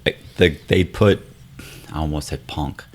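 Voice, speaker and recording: Deep-voiced man telling an animated story. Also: measured pace. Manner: animated storyteller, often mimicking others' voices. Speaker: podcast guest. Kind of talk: casual storytelling conversation. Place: hotel room makeshift studio.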